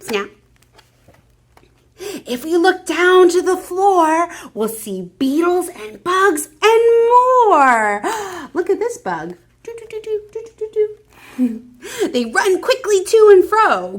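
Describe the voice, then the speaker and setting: A woman's voice: very high-pitched, a bit bright. A children's librarian, a woman, reading picture books aloud at story time with gasps and animal sound effects, prompting the children to join in.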